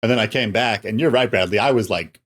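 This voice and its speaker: A man in his forties co-hosting a podcast, speaking in a loose, halting casual chat. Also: on the low side, a bit bright, slightly rough. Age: 40s. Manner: loose, halting delivery with fillers. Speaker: podcast co-host.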